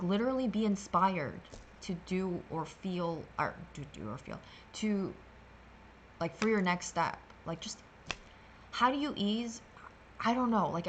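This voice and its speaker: A woman's voice: medium pitch, slight background noise. A woman hosting a meditation livestream, talking casually and sassily through a card reading, rambling with playful filler sounds.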